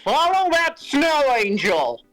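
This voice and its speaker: A fussy young gang leader, put on by a man, who drags his words out slowly and rides a lively, rising pitch. He delivers every line as a theatrical call in a live storybook read-along. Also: faint music behind, heavily acted. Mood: rallying. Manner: drawn-out, theatrical shouting. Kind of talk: live group story reading.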